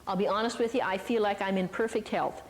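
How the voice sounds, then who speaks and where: An older woman gives a Christian ministry talk to a live audience in a hall, preaching through stories with a chatty, folksy style and many asides and questions aimed at her listeners. Her mid-range voice is quick, with fairly even intonation and a long reverb tail.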